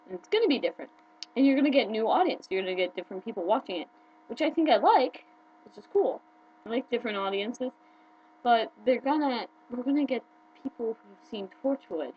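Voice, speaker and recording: A chatty, excitable woman talks casually to her viewers, her voice leaping up whenever she gets worked up. The recording is dull and lo-fi, with a faint hum underneath. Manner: chatty and excitable, with quick jumps in pitch. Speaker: video blogger. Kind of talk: casual fan chat to camera.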